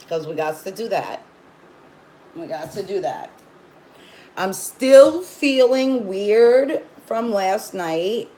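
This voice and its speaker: A woman's voice: on the low side, darkish tone, slight background noise, poor audio. A woman hosting a casual livestream, rambling as she greets viewers by name and coos at her dog. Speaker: livestream host.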